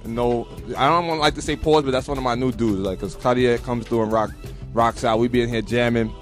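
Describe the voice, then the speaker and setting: A man's voice: medium pitch, fairly even intonation, brisk, faint music behind. A man co-hosting a radio show, loose and stammering, laughing a lot. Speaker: radio co-host. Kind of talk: casual radio chat.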